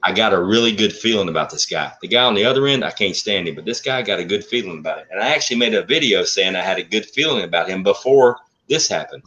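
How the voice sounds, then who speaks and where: Deep, bright-toned blunt storytelling man. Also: fast, hardly any pauses. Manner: blunt, profane, animated storyteller. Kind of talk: casual storytelling. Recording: muffled lo-fi audio.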